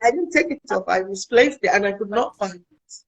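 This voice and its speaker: A woman's voice: mid-range voice, fairly quick, dull audio, slight background noise. A young woman from Africa, earnestly telling a personal story in a casual interview and acting out the conversations in it. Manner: earnest, animated, quotes people in dialogue. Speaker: guest.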